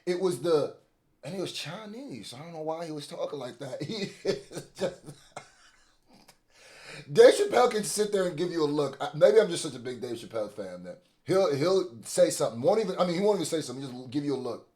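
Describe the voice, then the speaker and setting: An excitable man hosts a casual reaction video, his voice swinging widely from low to high as he hypes things up. His pitch sits somewhat high for a man, and his energy comes in sudden bursts. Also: brisk. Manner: animated, excitable, bursts of hype.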